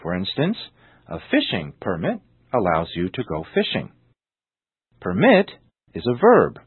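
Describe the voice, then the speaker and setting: A man's voice: sits low, huge pitch swings, breathy edge, no room sound. Man teaching English, wildly swooping stress. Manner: slow, deliberate, exaggerated stress on example words. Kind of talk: scripted language lesson. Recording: tinny narrow-band radio sound.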